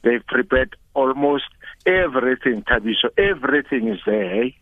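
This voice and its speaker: An older South African man talks over a tinny, narrow phone line. His voice is gravelly and dry. He chats in a relaxed way and often repeats words as he gets going. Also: medium pitch, normal speed, no room sound. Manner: relaxed, chatty, repeats words when starting. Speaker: guest, former football coach. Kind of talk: phone interview. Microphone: telephone.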